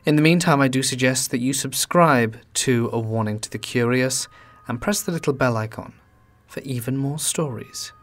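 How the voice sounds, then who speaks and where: A man narrating a horror story in a low, hushed, drawn-out delivery.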